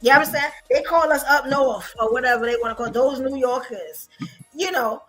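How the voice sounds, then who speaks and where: A woman's voice: sits high, a little fast, fairly bright tone, soft background music. A woman from New York with a New York accent, chatting animatedly and boastfully on a podcast with frequent laughs. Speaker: podcast co-host. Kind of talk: casual chat.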